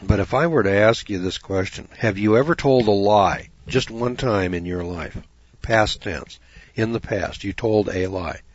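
His voice on the low side and his pace a little slow, a man from the United States preaches in a folksy, rambling way, often repeating "you know" and posing questions to listeners. It's captured in a dull, dry lo-fi recording.

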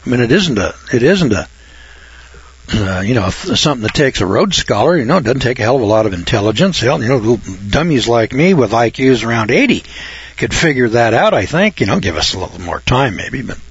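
A man's voice: medium pitch, big pitch swings, a little fast, slightly rough, no echo, lo-fi sound. A man hosting a radio talk show, ranting in a folksy, indignant way. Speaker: radio host.

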